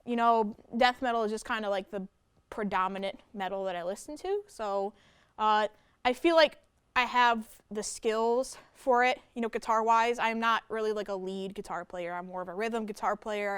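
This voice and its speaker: Young woman metal musician in a radio interview, rambling and casual, with a smooth voice. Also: mid-range voice, no echo, studio quality. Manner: rambling, full of "like" and "you know". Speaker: death metal guitarist and vocalist. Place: campus radio studio.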